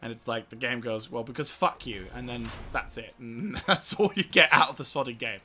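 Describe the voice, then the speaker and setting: A man's voice: mid-range voice, animated, moderate pace, sharp tone. A man giving casual gameplay commentary, giggly and exasperated, swearing often. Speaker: gaming video host.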